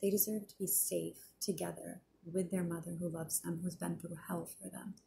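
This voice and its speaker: A woman rambles through an agitated personal vlog rant, swearing often and filling gaps with ums. Her voice sits low with a gravelly fry. The recording carries a clear hiss of background noise. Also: flat delivery, normal speed, dark tone. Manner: agitated, profane, many fillers. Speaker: vlogger. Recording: noisy background.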